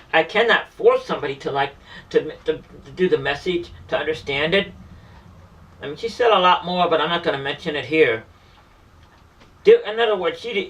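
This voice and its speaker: A man's voice: fairly high pitch, a bit bright. A man telling an emotional personal story in an earnest, repetitive way, often stumbling and restarting his sentences. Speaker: street performer and vlogger. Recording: voice distant from the mic.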